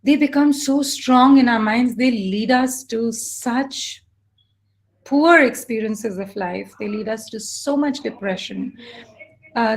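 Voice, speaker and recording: A woman's voice: a little high, creaky. A woman life coach giving a live online coaching talk, earnest and reflective, telling personal stories.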